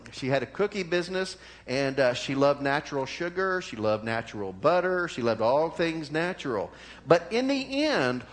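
A middle-aged man preaching a sermon as pastor, earnest and conversational, rising to emphatic peaks and dropping to quiet asides, often checking in with the congregation. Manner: swings between raised emphatic peaks and low, quiet asides.

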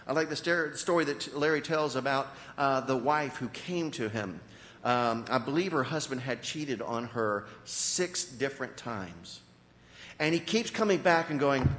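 Animated male preacher in an echoing hall. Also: mid-range voice, measured pace. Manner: animated preaching with sudden rises and drops. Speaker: pastor. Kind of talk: sermon.

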